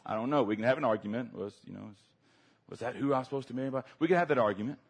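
A man with a Southern accent preaching a sermon, telling a funny personal story with lively acted-out moments. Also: mid-range voice, very fast, husky. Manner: animated, humorous storyteller, acts out his younger self.

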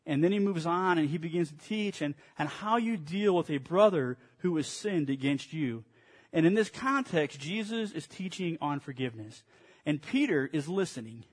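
A man's voice: a little high, expressive, moderate pace. A male pastor preaching a morning sermon, retelling scripture in a storytelling way with touches of dry sarcasm.

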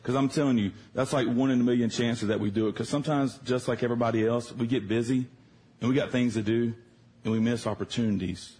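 A man preaching a sermon in a church service, telling a personal story in a conversational, animated way. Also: mid-range voice, fast talker, husky.

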